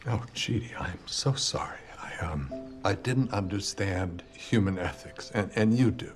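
A frantic sarcastic immortal dude, voice bouncing all over, tv clip from far off with faint music. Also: male voice, medium pitch, sing-song, unhurried. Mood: sincere. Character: flustered immortal man, sarcastic then sincerely apologetic. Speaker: TV clip actor. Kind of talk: sitcom acting. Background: soft music.

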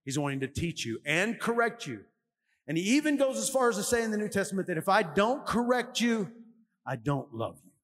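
Animated male pastor preaching in a reverberant sanctuary. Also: high-pitched, a little fast. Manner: animated storytelling, acts out quotes loudly. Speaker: lead pastor. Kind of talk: sermon. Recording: long hall reverb, faint music.

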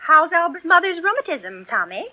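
A brisk, scolding mother. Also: extremely high pitch, big pitch swings, sharp tone, heavily acted. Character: bossy, brisk middle-aged household mother. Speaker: mother of the family. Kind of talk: 1940s radio acting.

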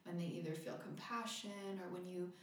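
A woman's voice: lowish voice, fairly even intonation, moderate pace. Candid young woman in an echoey room. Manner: open and emotional, swears casually. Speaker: guest. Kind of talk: candid podcast conversation. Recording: very echoey room, voice a bit far from mic.

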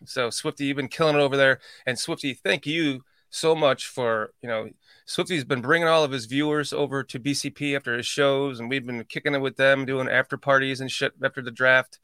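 A man's voice: mid-range voice, steady tone, brisk, sharp tone, clean tone, dry recording. A man hosting a podcast livestream in casual chat, rambling, swearing and laughing at his own slips. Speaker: podcast host.

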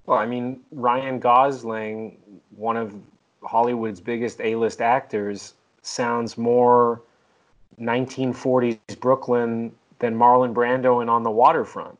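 A man's voice: mid-range voice, level tone, slow pace, lo-fi sound. Male podcast host, mid-range voice, wry and conversational, casual interview tone.

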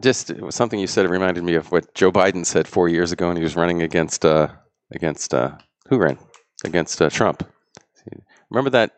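A man's voice: low-pitched, a little fast, no room sound. A man co-hosting a talk show, agreeing and chuckling along with the host. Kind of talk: casual chat.

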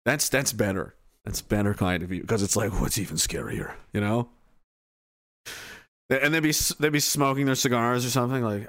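A man ranting in a profane comedic style, excitable and mocking as he swears his way through the bit. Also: mid-range voice, moderate pace.

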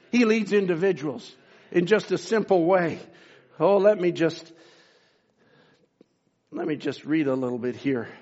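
A man's voice: high voice, a little mellow. Fervent preacher man, lo-fi recording. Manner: fervent, rising and falling emphasis. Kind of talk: sermon with read-aloud quotes. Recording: dull lo-fi sound.

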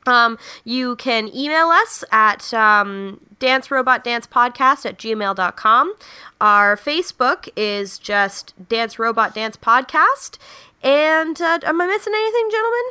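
A woman's voice: a little high, lively intonation, unhurried, bright, forceful tone, clean tone. A young woman hosting a casual comedy podcast, telling jokes with lots of laughs and fillers. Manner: laughs often, many fillers. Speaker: podcast host. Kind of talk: casual joke-telling chat.

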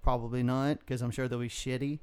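Quick crude podcast host guy, clean clear voice. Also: mid-range voice, flat delivery, darkish tone. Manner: profane, loose, promo-reading. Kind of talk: casual banter.

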